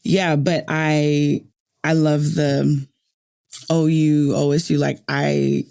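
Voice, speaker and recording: Lively storytelling woman from New Orleans. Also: sits low, slow pace, creaky. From New Orleans, USA. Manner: animated storyteller, repeats phrases for emphasis. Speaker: podcast host. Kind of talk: casual chat.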